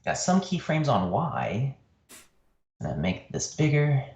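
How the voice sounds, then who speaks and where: A man chatting casually on a livestream, telling a story and laughing often. His pitch swings widely as he talks. The room around him is echoey. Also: very animated, unhurried, creaky, darkish tone, muffled recording. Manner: laughing storyteller, jumps high when quoting. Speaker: guest artist. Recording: roomy echo.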